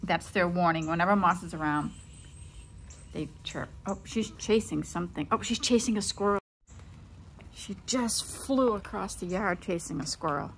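A woman's voice: lowish voice, normal speed, slight background noise. A middle-aged woman vlogging casually outdoors in her backyard, chatting to viewers and calling to her cat. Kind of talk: casual vlog chat.

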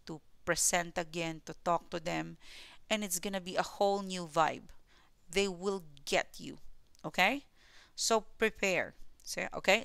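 Gravelly-voiced woman giving a tarot reading. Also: on the low side, fairly bright tone, dry recording. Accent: mixed Filipino and New Zealand. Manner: repetitive and reassuring, often adding "okay?". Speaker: tarot reader. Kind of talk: tarot reading monologue to viewers.

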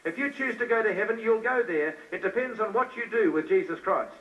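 High-voiced New evangelist, distant recording. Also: male voice, lively intonation, a little fast. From New Zealand. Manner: preachy, repetitive, questioning the crowd. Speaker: evangelist preacher. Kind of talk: evangelistic sermon. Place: meeting hall with crowd. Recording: distant, dull old live recording.

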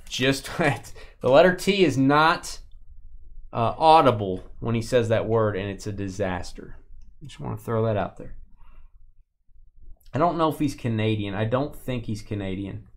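A young man hosting a live card break stream, chatting in a teasing way and loudly calling out player names as he opens packs. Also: medium pitch, measured pace.

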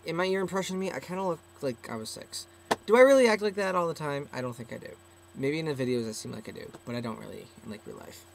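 A man's voice: mid-range voice, creaky, slight background noise. Rambling self-mocking teenage boy vlogger. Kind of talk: casual webcam vlog. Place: small closet, indoors.

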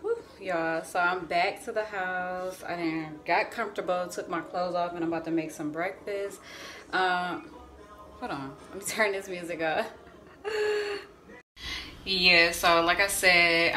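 A woman's voice: fairly low pitch, pushed and bright, a little hiss or hum. A woman vlogging casually, chatting to her viewers and telling stories as she walks by a lake and then cooks at home. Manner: chatty, storytelling, addresses viewers as y'all. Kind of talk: casual vlog chat.

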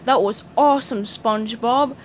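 A woman voicing a friendly, easygoing male lobster in a storybook reading, slow-spoken. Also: fairly high pitch, dull audio, slight background noise, lightly acted.

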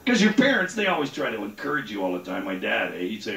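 A man's voice: fairly low pitch, very animated, quick pace, pushed and bright. A man doing a rambling, crude stand-up set on a comedy club stage. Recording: roomy club sound, mic at a distance.

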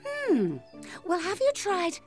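A woman voicing a kindly, wise grown-up aunt in a children's cartoon, speaking gently in a singsong way. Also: very high-pitched, huge pitch swings, slow, heavily acted. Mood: surprised. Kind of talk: cartoon voice acting. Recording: music playing behind.

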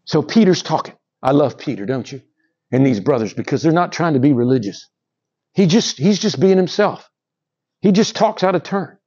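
A man preaching a sermon, swinging between raised, emphatic lines and hushed, drawn-out ones. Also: fairly high pitch, lively intonation, slightly rough, highs cut off. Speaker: pastor.

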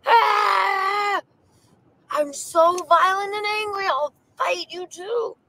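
A woman's voice: extremely high pitch, expressive, takes it slowly, exaggerated voice, poor audio. A woman acting out a furious, tearful upset person. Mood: angry. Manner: yelling, tearful outbursts. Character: angry, violent upset person.

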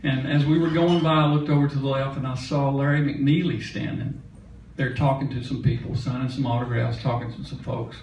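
A man's voice: mid-range voice, steady tone, fairly quick, few pauses, a little mellow, a little hiss or hum. An older man from Mississippi telling a folksy, chatty story on a concert stage, laughing now and then. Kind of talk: onstage storytelling. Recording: echoey concert hall from a distance.

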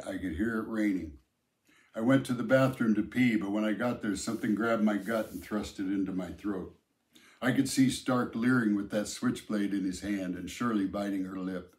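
A man narrating a novel aloud in the first person, telling the story in a measured, plain way. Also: on the low side, darkish tone. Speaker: audiobook narrator. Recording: roomy echo.

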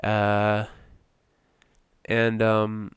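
Smooth-voiced casual podcast man. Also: fairly low pitch, completely flat delivery, drawn-out words, no echo, clean studio sound. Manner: rambling with many fillers and restarts. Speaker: podcast co-host. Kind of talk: casual chat.

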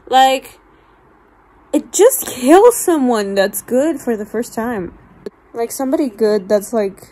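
A woman chatting in a casual vlog, animated and swearing freely as she reacts to a book. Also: medium pitch, husky. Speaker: book vlogger.

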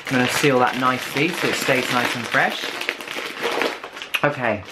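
A chatty British man from the UK, talking through snacks in a casual taste-test vlog. His voice sits at an everyday middle pitch, and he stays upbeat and enthusiastic as he describes each one. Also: moderate pace, heavy background noise. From United Kingdom. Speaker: vlogger.

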